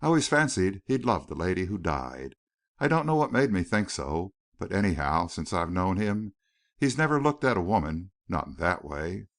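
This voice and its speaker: A man's voice: deep voice, sing-song, normal speed. A man voicing a loyal, respectful middle-aged male valet who calls everyone sir. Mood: emphatic. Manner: respectful, says sir often.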